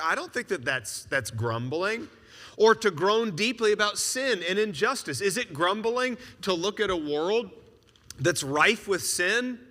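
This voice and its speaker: A man preaching a sermon, animated and asking rhetorical questions with joking asides. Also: high voice, in a large hall.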